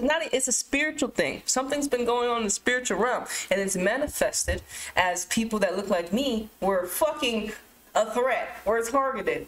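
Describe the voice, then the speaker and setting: A young adult woman vlogger talking casually to camera, rambling and swearing, with sudden animated outbursts. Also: on the high side, normal speed, slight background noise, low-quality recording. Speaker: YouTube vlogger.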